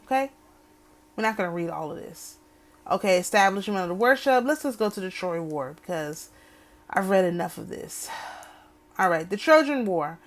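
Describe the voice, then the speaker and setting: A woman's voice: medium pitch, animated, normal speed, pauses often. A woman hosting an astrology channel. She reads a text aloud and keeps breaking off for wry, opinionated asides, often asking "okay?". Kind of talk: reading a text aloud with commentary.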